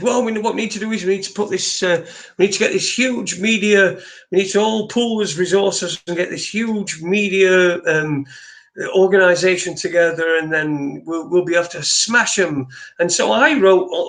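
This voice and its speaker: A man's voice: fairly high pitch, creaky, fairly bright tone. Rambling man hosting. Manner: rambling, restarts often, swears casually. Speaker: host. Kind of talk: casual live-stream chat.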